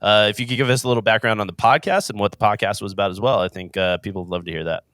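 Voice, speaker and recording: An upbeat man hosts a podcast in a casual, chatty style, often stopping on "uh". His voice sits fairly low, and the sound is dry and close. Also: very fast, fairly bright tone, dry recording. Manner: upbeat, chatty, with many filler "uh"s. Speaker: podcast host.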